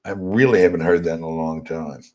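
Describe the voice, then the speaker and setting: A man from Tennessee with a Southern accent and a slightly hoarse, crackly voice, chatting casually on a livestream and reading viewer comments. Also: sits low, fairly even intonation, a little fast, dark tone. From Tennessee, USA. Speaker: livestream host.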